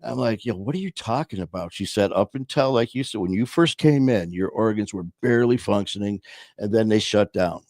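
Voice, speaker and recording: Low-voiced man telling a blunt, profane story. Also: normal speed, darkish tone, no room sound, studio quality. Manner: blunt, profane, restarts and trails off. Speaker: podcast host telling his story. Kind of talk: casual storytelling.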